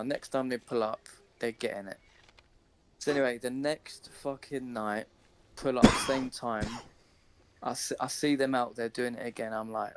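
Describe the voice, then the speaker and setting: A man's voice: mid-range voice, normal speed, noisy background. Sweary man telling a story. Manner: swearing, animated storyteller, acts out shouting. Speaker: streamer. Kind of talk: casual chat, telling a story.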